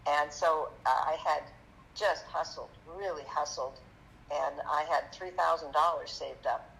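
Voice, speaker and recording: A woman guest on a podcast, telling her story in a halting, chatty way with many fillers, turning lively when she quotes people. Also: deep voice, vocal fry, a little hiss or hum, rough recording. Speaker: magician guest. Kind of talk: conversational storytelling interview.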